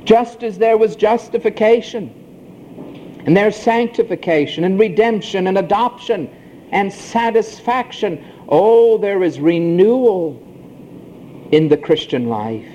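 A man preaching a sermon, emphatic, with a swooping preacher's cadence and slow, drawn-out phrases. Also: high-pitched, dark tone, muffled recording, slight background noise.

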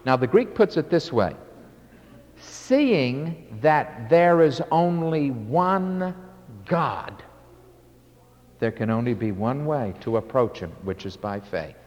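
Older guy preaching, slow and emphatic, big echoey church sound. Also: medium pitch, expressive, darkish tone, highs cut off. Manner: emphatic, drawn-out preaching with sudden swells and drops. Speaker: pastor. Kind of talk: sermon. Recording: long hall reverb.

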